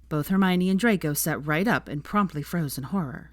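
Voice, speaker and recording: A woman narrating fan fiction in a measured, expressive storytelling manner. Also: sits low, no room sound, studio quality. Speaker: fanfiction narrator. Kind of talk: scripted narration.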